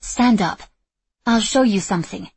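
Woman reading as a wry, measured swordswoman mentor. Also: medium pitch, darkish tone, husky, no room sound, voice pushed up. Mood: coaching. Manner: measured, instructive.

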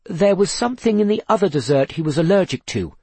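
A jittery young kitchen hand in a storybook, stammering and hesitant as he defends himself, voiced by a male narrator. The tone is husky and dry, close to the mic. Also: high-pitched, expressive, quick pace, warm tone, dry recording, voice pushed up, heavily acted. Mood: nervous. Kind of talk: storybook reading.

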